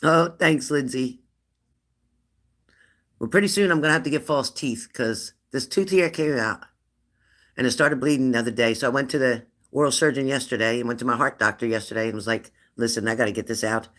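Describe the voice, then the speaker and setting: A woman in her fifties hosting a live stream, chatting warmly and laughing as she reads out viewers' comments. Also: a bass voice, brisk. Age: 50s. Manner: chatty and affectionate, laughs often, answers comments aloud. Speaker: livestream host of a spirit-messages channel.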